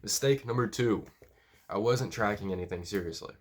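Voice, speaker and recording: A man's voice: on the low side, moderate pace, slightly rough. A man giving casual, blunt, profanity-laced lifting and diet advice as a powerlifting coach. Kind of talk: casual talking-head advice.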